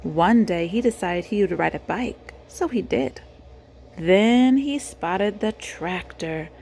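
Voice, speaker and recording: A woman reads a children's picture book aloud, slow and unhurried. Her voice swoops up and down with lively expression as she pauses to quiz the child beside her. A faint hiss of noise sits under her voice. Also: mid-range voice, creaky. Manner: gentle, animated, pauses to ask the child questions. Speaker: reader of children's books.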